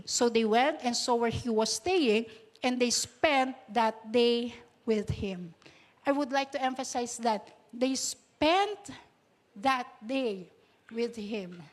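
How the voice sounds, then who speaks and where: A woman's voice: high voice, slow pace. A woman pastor with a Filipino accent preaching a sermon, moving between Tagalog and English, laughing often and drawing out quoted lines.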